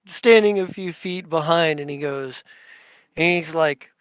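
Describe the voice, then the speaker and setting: A man narrating a tabletop role-playing game as its game master, slow and deliberate. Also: a little high, smooth, no echo. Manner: slow, deliberate narration with voiced NPC lines.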